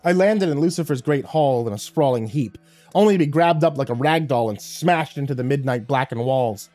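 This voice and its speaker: A man's voice: medium pitch, a little mellow, dry recording. A man narrating a first-person horror story in a dramatic, scripted telling.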